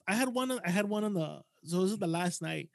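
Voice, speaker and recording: A man's voice: high-pitched, lively intonation, brisk, vocal fry, dry recording, clean studio sound. A man hosting a podcast, telling a story in a casual chat with lots of swearing and animation.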